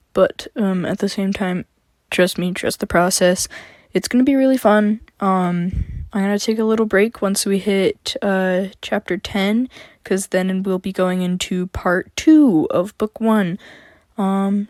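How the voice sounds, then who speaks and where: A woman's voice: lowish voice, fairly even intonation, a little slow, darkish tone, no echo, studio quality. Woman reading her own story aloud. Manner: chatty intro with fillers, then plain reading.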